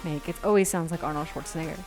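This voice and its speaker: A woman's voice: low-pitched, steady tone, rapid-fire, soft background music. Woman counting reps and bantering mid-workout. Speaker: workout partner. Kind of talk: chatting while exercising.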